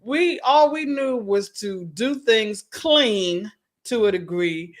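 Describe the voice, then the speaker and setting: A woman hosting a casual radio interview, lively and chatty, quick to laugh. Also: on the high side. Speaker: radio show host.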